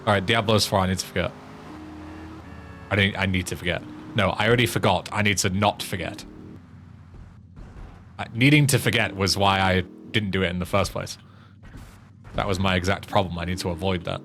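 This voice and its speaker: A low-voiced English man streams a game, rambling in quiet, mumbled asides to himself and chat. Faint game ambience hums behind him. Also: fairly even intonation, brisk, pauses often, a little hiss or hum. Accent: northern English. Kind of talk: casual gameplay commentary.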